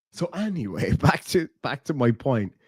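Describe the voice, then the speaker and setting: A man's voice: mid-range voice, a little mellow, breathy edge, no echo, clean studio sound. An Irish man hosting a live stream, answering his chat in a blunt, casual way, swearing freely and laughing often. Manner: blunt, profane, laughs easily. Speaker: streamer host reading chat.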